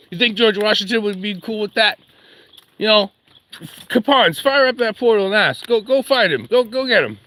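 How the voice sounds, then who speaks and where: A man's voice: high-pitched, animated, moderate pace, pushed and bright. A man rambling jokily while live-streaming a walk outdoors with his dog, chatting to his viewers. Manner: jokey, rambling, talks to chat and his dog.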